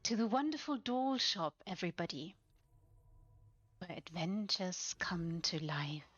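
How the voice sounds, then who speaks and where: A woman streaming a tour of player-built houses, gushing with breathy exclamations and soft whispers between her remarks. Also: fairly low pitch, measured pace, dry recording. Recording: slightly dull lo-fi sound with faint music behind.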